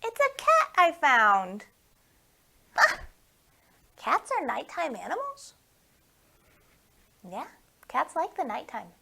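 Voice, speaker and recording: High, sing-song storytime lady. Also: wildly swooping pitch, takes it slowly, vocal fry, pauses often, bright, forceful tone. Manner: sing-song, playful, coaxing questions to kids. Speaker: children's librarian hosting storytime. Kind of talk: storytime for young children.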